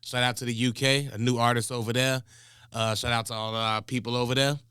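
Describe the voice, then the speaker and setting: A man hosting a music reaction show in casual chat, laid-back and chuckling, giving shout-outs. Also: medium pitch, level tone, a little fast, clear, resonant tone, no echo, studio quality.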